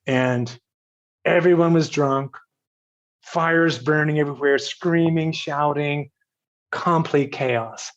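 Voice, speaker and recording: A man's voice: fairly high pitch, takes it slowly, long pauses. An older man from Virginia, a podcast guest, tells a self-mocking story in a casual interview and laughs at himself as he quotes others. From Virginia, United States. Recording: slightly dull, lo-fi audio.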